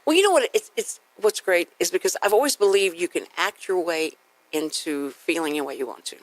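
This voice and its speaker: Woman radio host, lively storyteller, dry close mic. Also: fairly low pitch, a little fast, dry recording, poor audio. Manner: animated storyteller, acts out voices in anecdotes. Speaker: radio talk show host. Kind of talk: casual radio chat.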